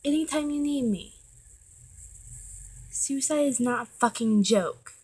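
A woman's voice: high voice, a little slow, darkish tone, breathy edge, rough recording. A teenage girl giving an earnest, emotional pep talk to her viewers, swearing when she gets worked up. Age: teens. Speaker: vlogger.

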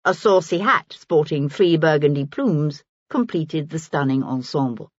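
A woman reading a historical novel aloud as an audiobook narrator, in a measured storytelling manner. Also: deep voice, expressive, husky, no echo, dull audio. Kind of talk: scripted narration.

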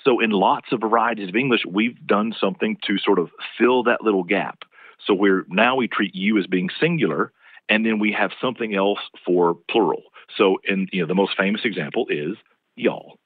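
A Southern American man with a very low voice, speaking as a professor guest in an interview. He explains patiently in a lecturing way and often restarts his phrases. His voice comes through a tinny, phone-like line with a dry sound. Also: moderate pace, no room sound. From East Tennessee.

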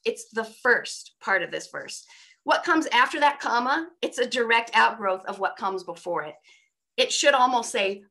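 A middle-aged woman with a slightly high, pushed, bright voice gives a conversational sermon over a video call for a women's church event. Her tone is informal, peppered with frequent rhetorical asides.

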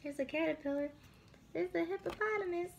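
Woman reading a children's picture book, high voice, gravelly, husky. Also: a little fast, background noise. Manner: warm questions to young listeners. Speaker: children's story reader.

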